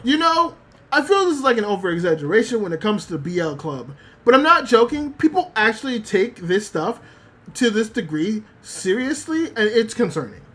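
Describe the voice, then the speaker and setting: A woman's voice: fairly high pitch, moderate pace. A woman streaming as a VTuber, chatting casually about anime with lots of swearing and fillers, reading chat messages aloud. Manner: animated, profane, rambling with many fillers.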